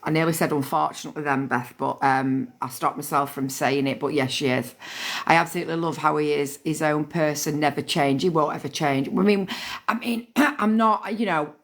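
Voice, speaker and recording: A woman's voice: deep voice, normal speed. A middle-aged woman, chatting casually on a phone livestream and thanking viewers by name. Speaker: livestream host.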